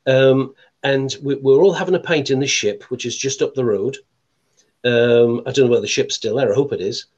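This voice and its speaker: Older guest musician, halting delivery with lots of ums. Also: male voice, mid-range voice, a little mellow, breathy edge, muffled recording. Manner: hesitant, many fillers and restarts. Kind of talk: casual chat.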